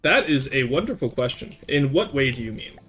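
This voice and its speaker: With faint music playing behind him, a young man from Quebec streams live, talking briskly at a medium pitch with a breathy edge. He responds to viewers in a casual, animated way, slipping into French and cursing and laughing without restraint.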